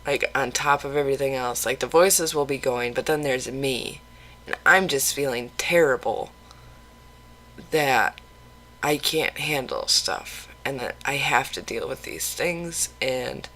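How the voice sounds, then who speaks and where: A vlogger talking openly in a casual confessional video, rambling with halting restarts and casual swearing. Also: mid-range voice, animated, fairly bright tone, poor audio. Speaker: mental health vlogger.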